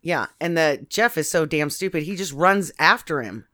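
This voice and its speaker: A man's voice: fairly high pitch, expressive, moderate pace, sharp tone. A man co-hosting a comedy podcast, chiming in dryly with plot details during a movie recap. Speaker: podcast co-host.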